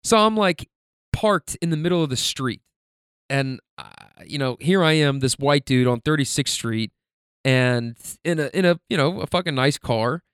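In a clean, dry studio recording, a slightly high, animated male podcaster tells stories at a moderate pace with a fairly bright tone. His casual monologue is loose, laid-back, profane, and packed with filler words.

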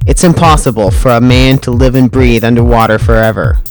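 A man's voice: mid-range voice, brisk, soft background music, voice pushed up, close to an everyday voice. A man in a spoken-word role-play monologue as a drifting male musician telling war-torn sci-fi tales, rambling and dreamy, on a home computer mic.

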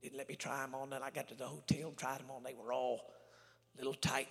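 A man preaching a storytelling sermon as a traveling evangelist, swinging between loud shouts and hushed whispers, recorded live in a church. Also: medium pitch, level tone, fast, vocal fry. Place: church sanctuary with reverb. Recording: live church recording with long reverb and faint music.

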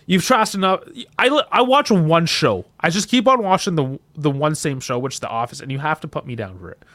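A man co-hosting a casual podcast, talking in an animated way that jumps loud and high when he gets excited. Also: brisk, dry recording. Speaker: podcast co-host.

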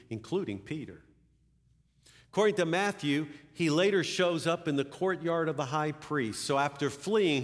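A man preaching a sermon, retelling a story dramatically, rising loud for quoted lines and dropping low and soft when reflecting. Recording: long hall reverb.

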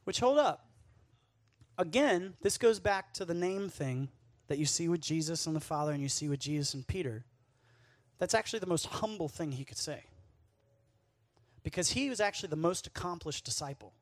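A man's voice: fairly high pitch, lively intonation, normal speed, pauses often, dry recording. Playful man giving a casual sermon. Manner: conversational, playful, acts out quotes. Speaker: speaker at a youth camp.

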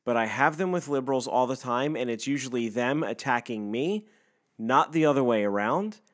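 A man's voice: mid-range voice, expressive, moderate pace. Profane ranting man on a podcast. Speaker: podcast co-host. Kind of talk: casual crude podcast banter.

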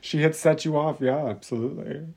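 Interviewer, casual chat, relaxed, mid-pitched voice, brief reactions. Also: a little fast, gravelly, slightly rough.

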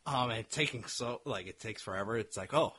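A man's voice: fairly low pitch, a little fast, bright, forceful tone, slight background noise. A man chatting casually as a podcast co-host, rambling with swearing and laughing at his own jokes. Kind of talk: casual chat.

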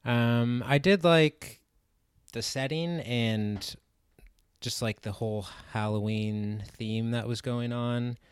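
A man's voice: mid-range voice, steady tone, slow, smooth, no room sound. A man giving his take in a casual movie review chat, hesitant and full of ums and likes. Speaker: podcast co-host.

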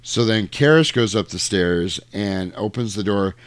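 A low-pitched man talks casually, retelling a film's plot and slipping into quick character voices. The sound is dry and close, with no room around it. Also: smooth, dry recording. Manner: animated storyteller acting out lines in quick voices. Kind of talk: casual chat retelling a movie.

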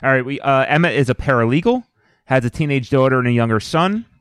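Steady man recapping a film. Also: mid-range voice, quick pace, smooth, dry recording, studio quality. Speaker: podcast co-host. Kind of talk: casual chat, recapping a film.

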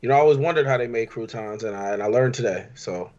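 Podcast co-host, man, mid pitch, loose and joking, repeats words. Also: fast, dull audio. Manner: relaxed, joking, stammers. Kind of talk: casual podcast chat.

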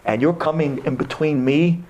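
A man giving a sermon in an animated storytelling manner, dropping to low asides and rising to high exclamations. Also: normal speed, lo-fi sound. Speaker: rabbi giving a Torah talk.

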